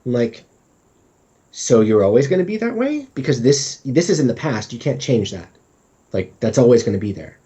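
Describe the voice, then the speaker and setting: This man sounds husky and dark-toned at a medium pitch, very animated but at normal speed. As a podcast guest in a casual interview, he talks frankly, pokes fun at himself, and now and then acts out his inner voice, all captured in dull lo-fi sound.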